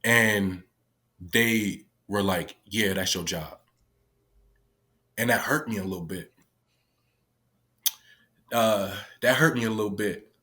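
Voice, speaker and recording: A man's voice: fairly low pitch, slow, pauses often, pushed and bright. A man casually recounting a personal story, candid and emotional, swearing often and acting out what others said. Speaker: guest, former youth detention worker.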